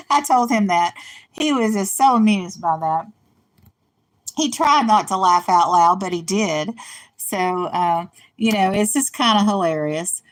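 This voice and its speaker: A woman's voice: medium pitch, animated, takes it slowly, long pauses. Older woman, host, slight West Virginia accent; loose, rambling storyteller. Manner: rambling storyteller, laughs at own stories. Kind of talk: casual monologue. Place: in a car.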